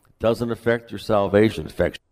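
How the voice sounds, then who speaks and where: A man pastor preaching a sermon in a relaxed, conversational way with folksy asides, in a church sanctuary. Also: fairly low pitch, a little fast, big-room sound.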